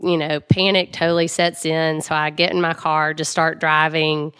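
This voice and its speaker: A woman's voice: deep voice, level tone, normal speed, fairly bright tone, clear, resonant tone. A woman, chatting as an interview guest and telling a personal story with lots of fillers.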